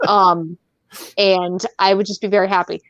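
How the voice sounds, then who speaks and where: A woman hosts a relaxed podcast chat, wandering between thoughts with plenty of ums and easy laughter. Her voice sits at an ordinary pitch, and the sound is dull and dry. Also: a little slow, dry recording. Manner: rambling, laughs often, many fillers. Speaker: podcast host.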